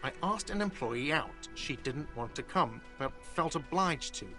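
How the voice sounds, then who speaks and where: Grumpy game figure: a whiny, touchy cafeteria boss, voice swinging up and down. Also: male voice, fairly high pitch, lively intonation, unhurried, over music. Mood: irritable. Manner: defensive, irritable and whiny. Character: grumpy middle-aged male cafeteria manager. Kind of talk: video game voice acting.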